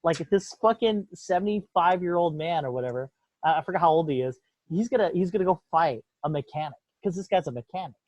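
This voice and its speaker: Husky, ranting podcast man. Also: a little high, expressive, quick pace, darkish tone, no echo. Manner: profane, heated, rambling. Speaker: podcast host. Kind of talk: casual opinionated chat. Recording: dull lo-fi dry recording.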